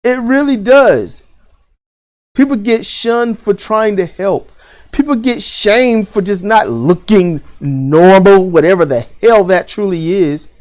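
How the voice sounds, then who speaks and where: A vlogger ranting bluntly about parenting and school in a casual, repetitive way, with lively rises in pitch. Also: slow pace. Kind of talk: opinion rant to camera.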